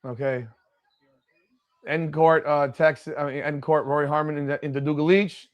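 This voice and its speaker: High-pitched man, watch party host, excitable play-by-play, blunt and cursing. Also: moderate pace. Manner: excitable, critical, cursing, heckling players. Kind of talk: live play-by-play commentary.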